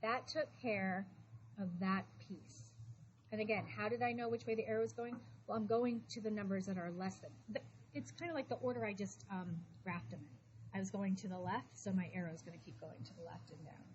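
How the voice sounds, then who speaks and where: A woman teaching math to a high school class, talking briskly and calling students back to attention. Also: fairly even intonation. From Florida. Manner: brisk, shushing, calls for attention. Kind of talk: classroom lesson. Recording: dull classroom recording with noise.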